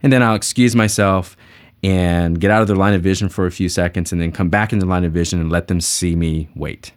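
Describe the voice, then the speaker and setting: A man's voice: deep voice, fairly even intonation, brisk, clean tone. A man giving a folksy, conversational sales training lesson, teaching techniques through stories.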